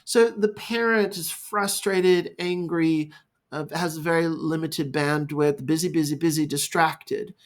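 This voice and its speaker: A male therapist speaking in a reflective, halting monologue, improvising as he goes. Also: a little high, steady tone. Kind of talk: unscripted talking-head monologue.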